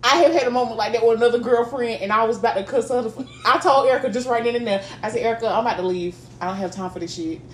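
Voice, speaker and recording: Profane, animated woman telling stories. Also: a little high, very fast, hardly any pauses, roomy sound, slight background noise. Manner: animated storytelling, profane, laughs often. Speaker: podcast co-host. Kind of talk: casual chat.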